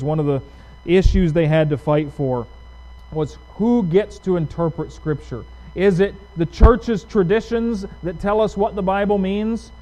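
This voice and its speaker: Conversational male preacher, fairly high voice. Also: dark tone, poor audio. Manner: conversational, asks the audience questions. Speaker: pastor. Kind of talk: sermon.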